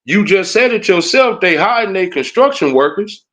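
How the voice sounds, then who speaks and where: This man's voice is high and a bit bright, with lively intonation at a normal speed. Ranting casually on his livestream, the commentator gets heated and taunts, over and over tossing in "huh" and "you know what I'm saying."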